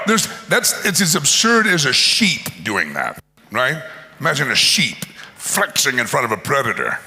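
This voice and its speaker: A male pastor preaching a sermon as an animated storyteller, acting out voices and laughing often. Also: high-pitched, normal speed, vocal fry.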